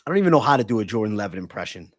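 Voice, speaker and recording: A young man hosting a live fight-talk stream, brash and swearing freely as he banters with viewers. His voice swings lively up and down, and the sound is dry and close with no room around it. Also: on the low side, racing, no echo. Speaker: livestream host and fight analyst. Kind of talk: casual live-stream chat.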